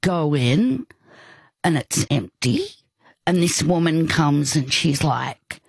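An older woman tells a personal story at an unhurried pace, stopping and restarting as she goes. Her voice is low and husky. The sound is close and dry. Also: sing-song, no echo. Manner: halting, with many restarts and asides. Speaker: guest. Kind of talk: storytelling in conversation.

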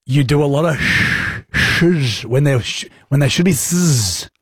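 A man's voice: mid-range voice, expressive, measured pace, a bit bright, slightly rough, no echo, clean studio sound. A man co-hosting a radio show, teasing his partner and laughing often in playful banter. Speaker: radio co-host. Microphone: studio microphone.

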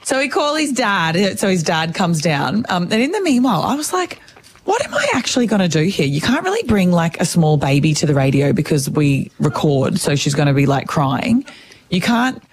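Lively woman radio co-host. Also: on the low side, moderate pace, a little hiss or hum. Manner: animated, swearing, self-interrupting. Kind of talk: casual storytelling chat.

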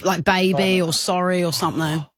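An Australian woman co-hosting a radio show, playfully bossy and quick to laugh. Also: fairly low pitch, steady tone, breathy edge, no echo, studio quality. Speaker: radio co-host. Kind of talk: casual radio banter. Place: radio studio.

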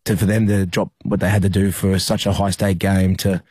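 Deep flat-voiced Australian man. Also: slightly rough, no room sound, clean studio sound. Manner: halting, many fillers and restarts. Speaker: rugby league player. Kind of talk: emotional interview recollection.

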